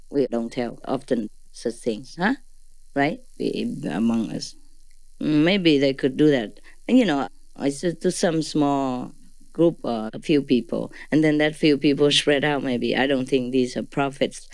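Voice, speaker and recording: In a dry recording, a woman with a rumbling low, slightly mellow voice gives a casual spiritual talk to a group. She laughs often, adds question tags, and speaks English in a non-native way.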